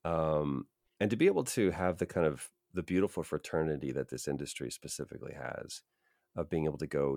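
A man with an extremely deep, low voice speaks as a guest in an interview, earnest and emphatic as he shares advice from his acting career. The sound is dry and close, with no room echo. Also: moderate pace, a little mellow. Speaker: voice actor, podcast guest. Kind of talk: reflective interview talk.

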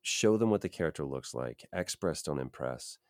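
A man with an extremely deep, low voice speaks as a guest in an interview, earnest and emphatic as he shares advice from his acting career. The sound is dry and close, with no room echo. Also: expressive, moderate pace, darkish tone. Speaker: voice actor, podcast guest. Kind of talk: reflective interview talk.

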